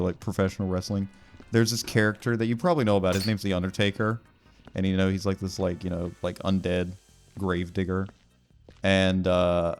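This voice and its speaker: Gamer man, lowish voice, loose rambling let's play patter. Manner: rambling, joking, lots of fillers and voice bits. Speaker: gaming YouTuber.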